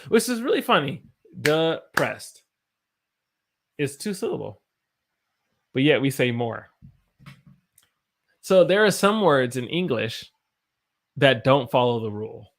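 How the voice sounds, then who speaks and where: Animated American English teacher, lively voice. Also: male voice, medium pitch, slow, pauses often. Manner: animated, exclaims about English quirks. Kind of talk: live-stream lesson, reading chat.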